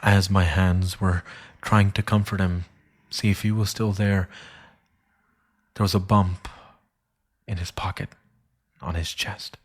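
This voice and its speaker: A man narrating a dark thriller story in a solemn, hushed manner that often sinks to a whisper. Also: sits low, level tone, takes it slowly, pauses often, breathy edge.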